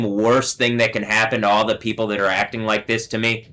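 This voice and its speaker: A man's voice: fairly low pitch, flat delivery, brisk, few pauses, sharp tone. A man hosting a solo livestream, ranting bitterly and profanely, often trailing off and restarting mid-sentence. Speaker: livestream host.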